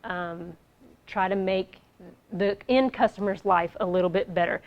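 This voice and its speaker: A woman presents a business workshop in a meeting room, her voice of middling pitch. She talks in an upbeat, lighthearted, chatty way. The recording sounds a little dull and lo-fi. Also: moderate pace. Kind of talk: casual business workshop talk.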